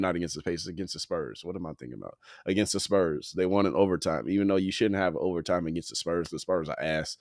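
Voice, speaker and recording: A man with a low voice hosts a laid-back sports podcast, sounding a little tired as he rambles in a slangy, profane way. He is recorded dry and close on the mic. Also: no room sound. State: tired, yawning. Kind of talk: casual sports talk.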